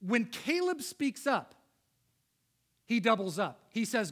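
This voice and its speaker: Emphatic high-voiced male preacher. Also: sing-song, slow, pauses often. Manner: emphatic, builds to loud peaks then drops low. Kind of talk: sermon.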